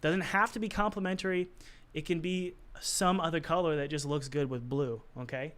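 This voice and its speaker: A man streaming an art lesson, his voice a little hoarse from overuse. He sits at a fairly high pitch and keeps up a chatty, encouraging patter to his viewers as he works. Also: steady tone, normal speed, a bit bright. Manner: chatty and encouraging, talks to the chat while working. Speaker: art instructor hosting a live stream. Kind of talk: casual live-stream tutorial.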